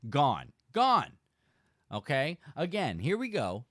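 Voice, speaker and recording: A man hosting a casual fishing livestream, telling a story with animated emphasis and chatting to viewers. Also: mid-range voice, unhurried, no room sound, clean studio sound. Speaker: fishing channel host.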